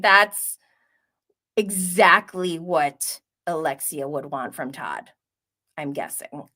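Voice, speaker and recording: A woman hosting a live stream, chatting casually and gossiping, reacting to comments with frequent laughs. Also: lowish voice. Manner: animated, gossipy, laughs often, reads chat aloud. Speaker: host.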